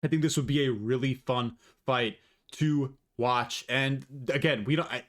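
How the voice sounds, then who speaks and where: A man's voice: medium pitch, fairly even intonation, unhurried. Profane, rambling man giving fight predictions. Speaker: MMA commentator vlogger. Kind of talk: casual prediction talk.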